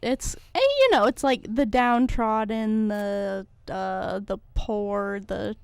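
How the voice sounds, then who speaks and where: A woman co-hosting a radio show in casual chat, enthusiastic and rambling, quick to laugh. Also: medium pitch, lively intonation, a little mellow, clear, resonant tone, no echo.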